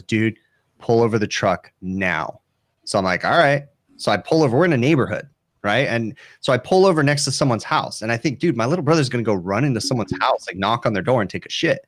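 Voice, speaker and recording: A man co-hosting a casual talk show, telling a funny story with animated, laughing delivery. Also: mid-range voice, dry recording. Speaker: podcast co-host.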